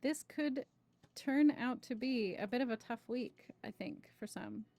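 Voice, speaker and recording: A woman's voice: on the high side, unhurried. A woman hosting a spiritual livestream, talking casually about creativity and greeting viewers by name before a tarot reading. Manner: chatty, greets viewers warmly by name, many "right?" asides.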